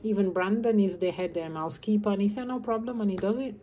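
A woman's voice: medium pitch, fast, warm tone, slight background noise. A woman in her fifties who grew up in Birmingham, chatting casually to camera in a meandering way and dropping her H's. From grew up in Birmingham, England. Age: 50s. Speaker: vlogger. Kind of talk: casual rambling chat.

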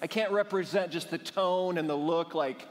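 A man's voice: on the high side, moderate pace. A male pastor preaching a sermon, telling a humorous personal story and building to fervent exhortation. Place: church sanctuary. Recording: long church hall reverb.

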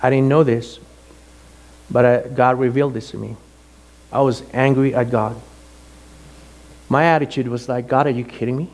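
A middle-aged man, a pastor, telling a personal story in a sermon with animated, emotional delivery. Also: mid-range voice, a little slow, long pauses.

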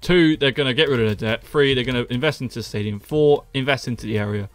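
A man's voice: medium pitch, quick pace, no room sound, faint music behind. A young man with a Doncaster Yorkshire accent chatting jokily on a live stream while building in a game, often laughing and muttering counts under his breath. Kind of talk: casual live-stream chat while gaming.

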